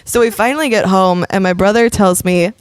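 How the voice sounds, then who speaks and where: A woman's voice: medium pitch, brisk, clean tone. A young woman in her twenties, a podcast co-host, telling a story in casual chat, laughing often and swearing freely.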